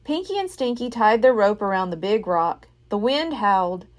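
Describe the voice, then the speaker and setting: A woman reading a children's chapter book aloud as a library storyteller, expressive and unhurried. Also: medium pitch.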